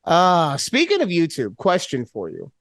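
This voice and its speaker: A man co-hosting a casual podcast chat over a remote call, talking in an animated, playful way and swearing often. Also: a little high, a little slow, dry recording. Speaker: podcast co-host.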